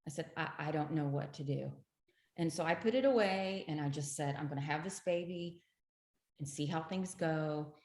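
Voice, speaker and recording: A woman's voice: deep voice, moderate pace, darkish tone. A middle-aged woman, a guest in an interview, telling her own story earnestly and with emphasis. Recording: roomy echo.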